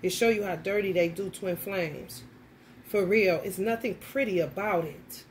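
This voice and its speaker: A woman tarot reader telling a story in a casual vlog, animated and profane, often laughing. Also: mid-range voice, a little slow, a little hiss or hum.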